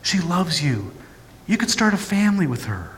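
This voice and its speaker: A pastor voicing a scornful accusing inner voice that taunts and mocks, in a reverberant church. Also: male voice, sits high, very animated, moderate pace, a bit bright, pitched above the performer's own voice. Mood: taunting. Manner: taunting, mocking.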